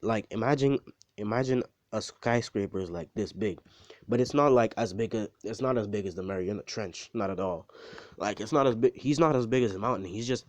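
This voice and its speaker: A man with a somewhat low voice spins a story in a loose, casual way, full of restarts, fillers and swearing. The recording is dry and close. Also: a little fast, a little mellow, no echo. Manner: rambling, profane, lots of fillers and restarts. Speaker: video creator.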